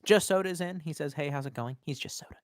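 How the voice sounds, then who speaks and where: Speaking quickly in a voice on the high side, a man in his 20s chats on a live stream and reads out chat comments. Drunk-sounding and constantly swearing, he rambles between loud outbursts and quiet mutters, on a clean studio recording with no echo.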